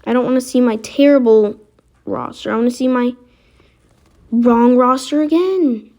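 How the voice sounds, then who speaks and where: A woman giving casual, excitable commentary while playing a basketball video game, reacting aloud as she goes. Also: a little high, moderate pace. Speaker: gaming video creator.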